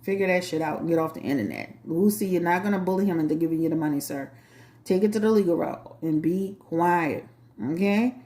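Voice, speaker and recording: A woman's voice: lowish voice, fairly quick, dark tone, echoey room. A woman with a New Orleans accent, a tarot reader hosting her channel, chatting bluntly and sassily to a live chat. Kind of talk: casual talk to a live chat.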